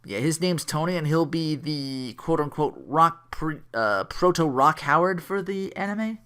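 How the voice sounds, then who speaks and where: A man reviews an old cartoon in a loose, joking ramble, his pitch swinging up and down as he gets into it. He corrects himself mid-sentence and laughs at his own jokes. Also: lively intonation, measured pace, sharp tone, clear, resonant tone. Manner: rambling, jokey, self-correcting, laughs often. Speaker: anime reviewer. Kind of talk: casual review commentary.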